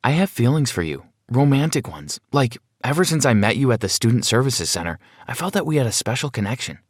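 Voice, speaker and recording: A man's voice: medium pitch, sing-song, fairly quick, no room sound, studio quality. A man voicing a lovesick, clingy young woman roommate who speaks in a pleading, emotional way. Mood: confessing.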